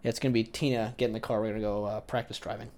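A young man co-hosting a casual chat, teasing his friend, often trailing off quietly at the ends of phrases. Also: on the low side, flat delivery, rapid-fire.

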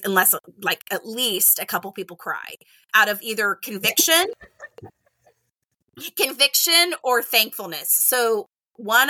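A middle-aged woman, a kindergarten teacher, talking casually in an interview, animated and acting out quoted exchanges with lots of "like" and "right?". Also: medium pitch, dry recording.

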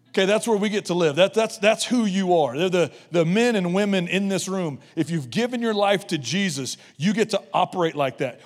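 A middle-aged man with a fairly high voice preaches to a church, punchy and playful, throwing in quick jokey voices. His words ring out with a long reverb, like a large sanctuary. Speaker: guest preacher. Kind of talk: energetic sermon.

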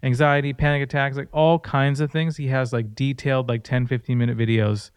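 A man's voice: medium pitch, flat delivery, brisk, clear, resonant tone, no room sound. A man in his thirties co-hosting a casual faith-based podcast, telling personal stories in an earnest, conversational way. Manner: earnest storytelling. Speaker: podcast co-host.

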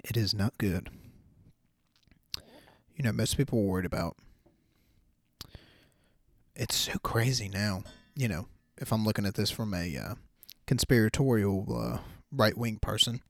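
A man's voice: lowish voice, a little slow, gravelly, long pauses, no echo. Slangy man hosting a podcast. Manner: loose and slangy, says bro a lot. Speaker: podcast host. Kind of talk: casual solo podcast talk.

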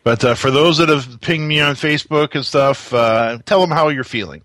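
A man's voice: mid-range voice, normal speed, fairly bright tone, dry recording. A man hosting a radio show, upbeat and chatty with rambling asides. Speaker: host. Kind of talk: casual chat.

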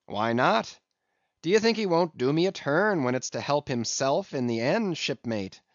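Calm scheming sailor, quietly defiant, read by a man, dull dry recording. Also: a little high, moderate pace, dry recording, natural voice.

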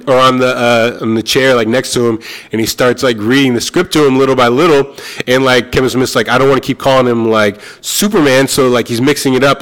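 A young adult man telling a story in casual chat, animated and swearing, acting out the other people's lines. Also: mid-range voice.

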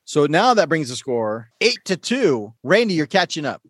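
A man's voice: fairly high pitch, sing-song, moderate pace, a bit bright, slightly rough, no room sound, studio quality. A man hosting a music quiz podcast in a playful, teasing manner. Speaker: game show host.

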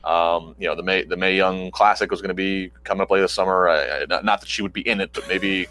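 Male podcast co-host, low voice, rapid halting delivery, dry close sound. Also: fairly even intonation, bright, forceful tone, dry recording, low-quality recording. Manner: quick, halting, many restarts. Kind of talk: casual chat.

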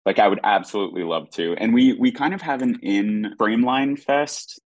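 A man's voice: on the low side, normal speed, no echo. A man, an actor and producer, chatting animatedly as a guest, with lots of restarts. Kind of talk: casual interview chat.

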